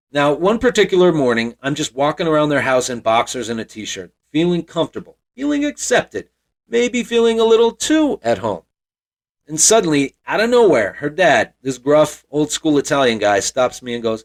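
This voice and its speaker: A man in his forties from Montana hosts a podcast and tells a personal story in a reflective, wry, self-deprecating way. His voice sits at a medium pitch.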